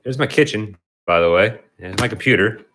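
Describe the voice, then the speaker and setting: A man's voice: lowish voice, moderate pace, fairly bright tone, a little hiss or hum. A man hosting a casual livestream, rambling and restarting as he chats with viewers and his cat. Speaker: livestream host.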